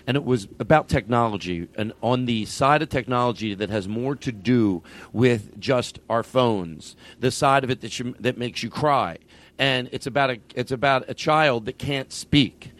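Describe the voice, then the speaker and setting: A male podcast host chats in a loose, rambling way. He keeps stopping and restarting his sentences. His voice sits at an ordinary middle pitch. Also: moderate pace. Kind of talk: casual comedy podcast chat.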